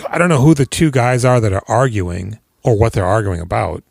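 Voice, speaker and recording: An animated man in casual chat, his pitch swinging widely as he retells a story. His voice has a gravelly rasp, and the sound is dry and close. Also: a little fast, no echo. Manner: animated, swearing, acts out characters in big voices. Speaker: podcast co-host. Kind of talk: casual chat recapping a film.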